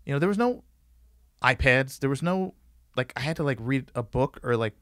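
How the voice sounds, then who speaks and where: A man's voice: mid-range voice, expressive, normal speed, no room sound, studio quality. A man in his forties, a podcast guest, telling rambling stories from his life, full of "like" fillers and acted-out quotes. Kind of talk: casual storytelling interview.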